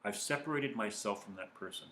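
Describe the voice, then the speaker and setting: A man giving calm, earnest self-help advice as a coach speaking to viewers. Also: on the low side, a little fast, a little hiss or hum. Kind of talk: motivational talk to viewers. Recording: echoey room.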